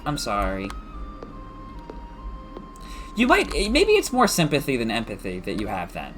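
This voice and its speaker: A man's voice: mid-range voice, huge pitch swings, normal speed, fairly bright tone, faint music behind. A man streaming a farming game, chatting casually and musing aloud as he rambles.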